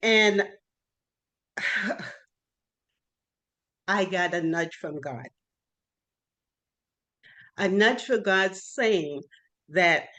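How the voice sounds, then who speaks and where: Middle-aged woman from massachusetts, slow careful testimony, earnest churchy speaker on a call. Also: mid-range voice, a bit bright. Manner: slow, earnest, faith-filled storytelling. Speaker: guest speaker, evangelist. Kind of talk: testimony speech. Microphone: virtual workshop call.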